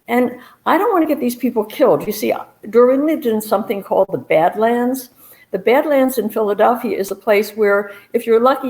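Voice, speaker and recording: A woman private detective telling a personal story on stage in a lively way, acting out what people said. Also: mid-range voice, vocal fry, rough recording. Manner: lively storytelling, acts out quotes.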